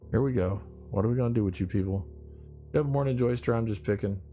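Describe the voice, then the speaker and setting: A man's voice: fairly low pitch, fast, dark tone. A man hosting a casual morning livestream, rambling, joking and swearing as he teases his viewers. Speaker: livestream host. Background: faint music.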